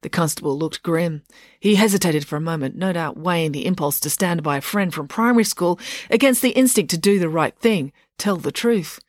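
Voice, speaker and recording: A woman's voice: lowish voice, a little fast, no echo, clean studio sound. A woman narrating a children's story as an audiobook, in a playful and wry storytelling manner.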